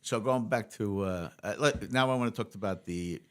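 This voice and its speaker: A man's voice: lowish voice, moderate pace. A man hosting an interview, chatting casually and chiming in with short agreements. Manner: frequent short agreements, relaxed anecdotes. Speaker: podcast host.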